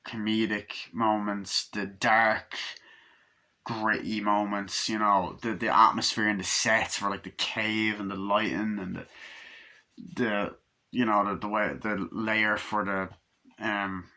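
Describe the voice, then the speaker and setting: Excited, foul-mouthed man, low bright voice. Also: slow. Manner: rambling and excited, swears constantly. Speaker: movie reviewer. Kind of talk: casual movie review monologue.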